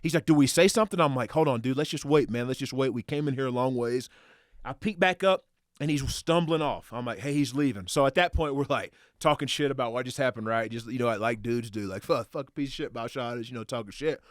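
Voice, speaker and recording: A man as a podcast guest, telling a hunting story in casual, animated and profane style, acting out quotes. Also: medium pitch, fast talker, dry recording, clean studio sound. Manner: animated, profane, excitable retelling with acted quotes.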